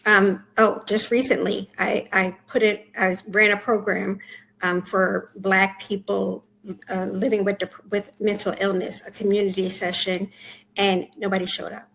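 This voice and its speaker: A woman being interviewed over a video call, her voice full of fry and gravel. She keeps her answers short and soft-spoken, with a faint hiss of noise behind her. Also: medium pitch, flat delivery, measured pace, poor audio. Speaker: podcast guest.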